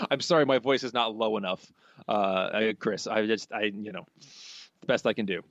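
A man's voice: lowish voice, normal speed, a bit bright, no room sound. Man reading listener mail on a podcast. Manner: reads listener messages aloud, chuckling asides. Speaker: podcast co-host. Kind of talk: casual podcast chat reading listener answers. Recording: dull, slightly lo-fi dry sound.

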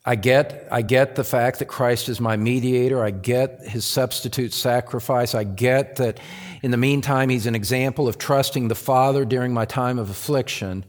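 A man preaching a sermon to his congregation, repeating phrases for emphasis and rising to loud, emphatic peaks. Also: mid-range voice, fairly even intonation, moderate pace. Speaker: pastor.

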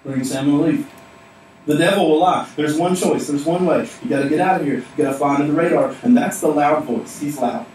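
A man's voice: on the high side, fast talker, darkish tone. A man pastor preaching a sermon in a church, emphatic and repetitive. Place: church sanctuary. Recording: echoey hall, mic at a distance.

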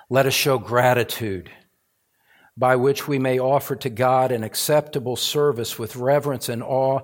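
A middle-aged male pastor preaching a sermon, moving from calm teaching to fervent, emphatic passages. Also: mid-range voice.

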